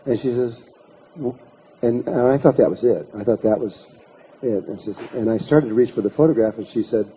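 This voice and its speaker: Male lecturer, mid-pitched, spinning a long anecdote with retold dialogue; slightly muffled lecture tape with a faint hiss. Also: a little fast. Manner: anecdotal, retells dialogue in his own voice. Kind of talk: storytelling lecture.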